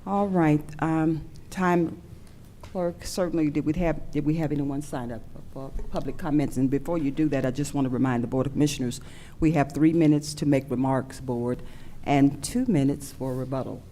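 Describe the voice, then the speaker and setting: Mellow-voiced woman chairing a meeting. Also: sits low, steady tone, moderate pace, a little hiss or hum. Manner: formal, gracious presiding. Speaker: board chair. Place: county meeting room.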